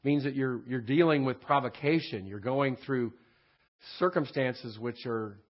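A man teaching a recorded Bible study lesson in a conversational way. He often checks in with "right?" and keeps clearing his throat. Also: medium pitch, unhurried, lo-fi sound. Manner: frequent throat clearing and restarts.

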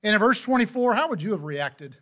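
Male preacher with a high voice, earnest and conversational, reading scripture in a sermon. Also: animated, brisk, a bit bright.

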